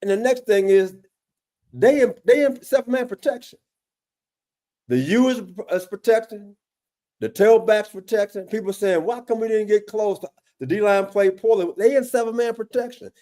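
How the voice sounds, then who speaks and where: In a casual film-breakdown talk, a football defensive analyst whose voice sits high with a darkish tone questions a play with emphatic exasperation. He repeats words, restarts his sentences, and keeps using his co-host's name.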